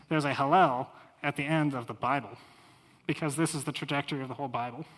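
A man's voice: fairly high pitch, fairly quick, fairly bright tone. A man preaching a sermon as a missionary, earnest and fervent, reading scripture aloud with rising force. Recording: long hall reverb.

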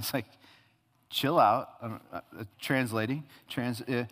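A man's voice: medium pitch, fairly even intonation, measured pace, a bit bright, big-room sound. A man preaching a sermon, earnestly acting out God and the prophet in dialogue. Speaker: pastor.

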